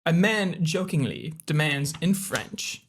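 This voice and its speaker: A man co-hosting a casual comedy podcast, giggly and animated. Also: fairly high pitch, slow pace, a little hiss or hum. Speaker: podcast co-host.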